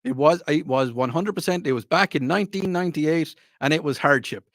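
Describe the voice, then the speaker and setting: A man's voice: a little high, a little fast, no room sound. Man, radio host, casual rambling storytelling, dry close mic. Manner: rambling storytelling with many restarts.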